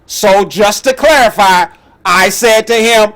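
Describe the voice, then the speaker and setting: A middle-aged man telling a personal story as the host, animated and emphatic. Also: high-pitched, takes it slowly. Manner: animated, emphatic, with laughs and outbursts.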